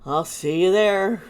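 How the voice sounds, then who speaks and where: A woman with a sore throat doing a casual tarot reading, halting and exclaiming as she turns the cards. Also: lowish voice, noisy background. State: sore throat, lozenge in mouth. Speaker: tarot reader and channel host.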